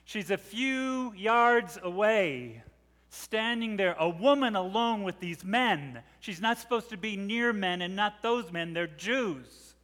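A middle-aged man preaching a sermon, telling the story dramatically and swelling from hushed to loud. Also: high-pitched, lively intonation, slow. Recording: long reverb of a large hall.

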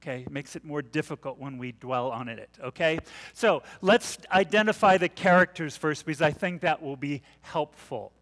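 A man's voice: on the high side, moderate pace, a bit bright, long reverb tail. A man preaching a conversational sermon, asking the congregation questions and leaning on casual fillers. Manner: chatty, asks the congregation questions, many fillers. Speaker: pastor. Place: church sanctuary.

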